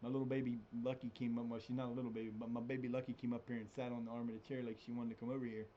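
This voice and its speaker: A man chatting on a live stream as he plays a football management game, rambling and animated, and now and then jumping into a high mock voice. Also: rapid-fire, dull audio, slight background noise. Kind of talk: casual live-stream chat. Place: home room with cats.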